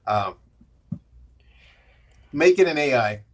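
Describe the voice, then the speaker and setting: Earnest male guest, candid storyteller, mid-pitched voice, acts out quotes. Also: animated, slow. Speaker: guest, AI strategist. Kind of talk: conversational interview storytelling.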